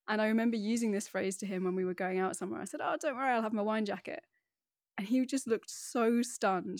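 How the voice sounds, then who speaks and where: A woman from Northeast England, speaking in a polished standard English accent as a podcast guest, telling stories in a chatty, animated way. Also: mid-range voice, dry recording, clean studio sound. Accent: neutral southern English. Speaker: podcast guest, wine educator. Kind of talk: casual interview chat.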